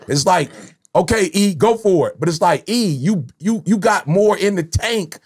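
A middle-aged man hosts a podcast, his voice pitched high with a gravelly edge. He tells his stories in an animated, slangy way. It sounds like a relaxed studio conversation. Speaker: podcast host, motivational speaker. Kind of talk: casual podcast chat.

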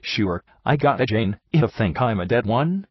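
A man's voice: mid-range voice, expressive, measured pace, breathy edge, no room sound. A man voicing a young delivery boy who talks in casual slang, on a dull, dry, lo-fi recording.

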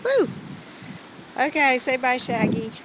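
A woman's voice: high-pitched, sing-song, takes it slowly. A woman filming her dog in a windy backyard, talking to it in sing-song baby talk. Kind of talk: casual chat to her dog on camera. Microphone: handheld camera. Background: wind.

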